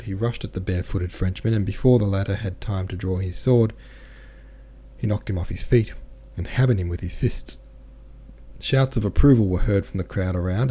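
A man narrating a classic novel as an audiobook reader, in a measured, steady manner. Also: low-pitched.

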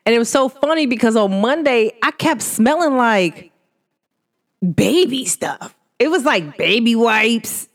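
Lively and conversational, the reader gives viewers a casual spoken energy reading, speaking to them directly. She hums long "mm" sounds as she moves between thoughts, and her voice sweeps upward when she laughs.

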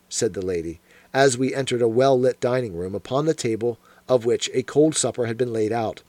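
A man narrating a classic detective story as an audiobook, measured and even. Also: medium pitch, no room sound. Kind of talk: scripted narration.

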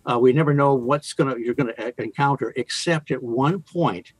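A man working as a museum tour guide, telling chatty stories in an interview with a playful, deadpan humor. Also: mid-range voice, moderate pace, no room sound, poor audio. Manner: chatty, lots of fillers and restarts, playful deadpan jokes. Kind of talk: enthusiastic interview storytelling.

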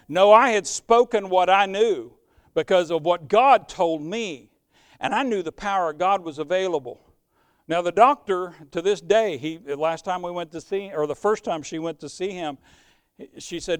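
An older man preaching a sermon testimony, telling his story with emphasis and swinging between loud declarations and hushed moments. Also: sits high, moderate pace, smooth, no room sound, studio quality.

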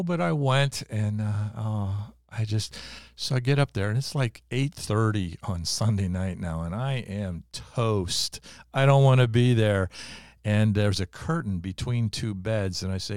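An older man, a pastor, telling a personal testimony in a lively storytelling way and acting out other voices. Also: fairly low pitch, normal speed, dry recording, studio quality. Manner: animated, acts out quoted voices.

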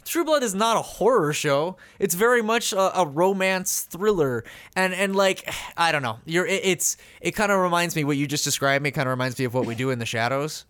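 A man co-hosting a podcast in casual, animated chat, swearing and laughing often. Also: high voice, brisk, few pauses. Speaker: podcast co-host.

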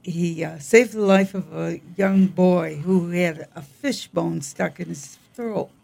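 An older woman co-hosting a casual chat about the week's feast days, with a gravelly voice and frequent throat clearing, speaking in a wry, halting way. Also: on the low side, darkish tone. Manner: unhurried, wry, halting reading. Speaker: co-host.

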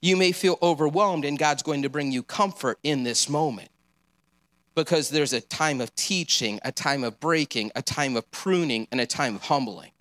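A man's voice: fairly high pitch, moderate pace, fairly bright tone. A man preaching a sermon, earnest and encouraging, with casual asides.

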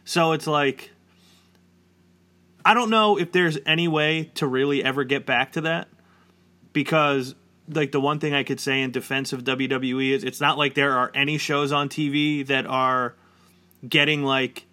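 A man's voice: mid-range voice, steady tone, moderate pace, sharp tone. A man around forty chatting casually and rambling, with lots of "like" fillers. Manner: rambling, heavy use of "like" fillers. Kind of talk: casual chat.

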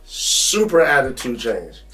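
A young man co-hosting a podcast, telling a story in a casual, profane, animated way. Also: medium pitch, slow pace, far from the mic, faint music behind, poor audio. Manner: animated, profane, acts out quotes. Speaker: podcast co-host.

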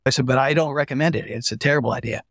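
A middle-aged man, a retired army physician, talking as a guest in an interview and telling lively stories. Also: medium pitch, racing, gravelly, no echo, studio quality. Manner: animated storyteller, acts out quoted voices. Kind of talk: conversational storytelling interview.

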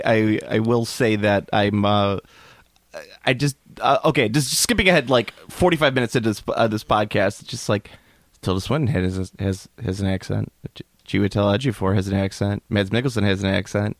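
A man's voice: fairly low pitch, moderate pace, dry recording, clean studio sound. A man hosting a casual podcast, chatty and laughing often, with frequent restarts. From United States. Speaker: podcast host. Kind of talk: casual chat.

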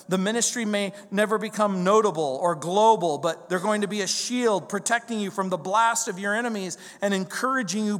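A man preaching a verse-by-verse sermon in a conversational, animated way, building emphasis through repetition. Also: high voice. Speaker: pastor. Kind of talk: expository sermon. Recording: long hall reverb.

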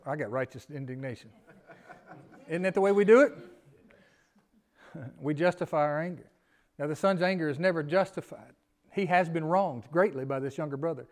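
A man preaching a sermon as pastor, folksy, often chuckling and asking the congregation questions. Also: a little high. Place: church sanctuary.

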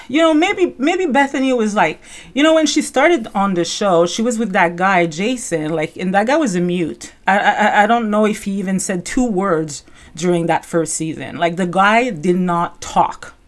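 Woman host, mid-pitched, loose conversational commentary with frequent "you know" asides. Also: lively intonation, moderate pace. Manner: rambling, conversational, lots of fillers and self-corrections. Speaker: podcast host. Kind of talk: casual commentary on reality TV.

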